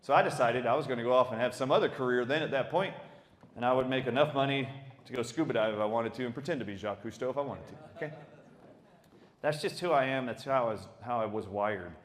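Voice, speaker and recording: A middle-aged man tells his own stories as a doctor giving a talk. He speaks with emphatic, animated energy and often laughs along the way. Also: medium pitch, quick pace. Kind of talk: storytelling talk.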